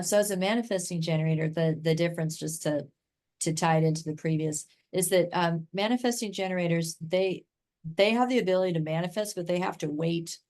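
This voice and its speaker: Casting note: American woman, low-pitched speaking voice, chatty, enthusiastic podcast guest. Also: a little mellow. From United States. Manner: enthusiastic, talks in long chatty runs full of "like" and "right?". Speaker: guest expert in human design. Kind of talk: casual podcast interview.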